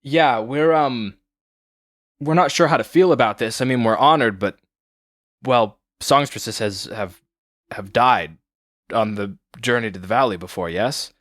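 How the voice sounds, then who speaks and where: A man voicing a worried village father who speaks in a hesitant, halting way. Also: mid-range voice, fairly bright tone, no echo, lightly acted.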